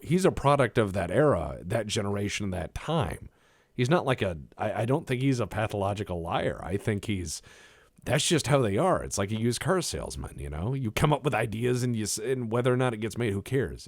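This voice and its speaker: A man's voice: on the low side, sing-song, normal speed, no room sound, studio quality. A man co-hosting a podcast, chatting casually and rambling in a self-mocking way while he plays a game. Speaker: podcast co-host.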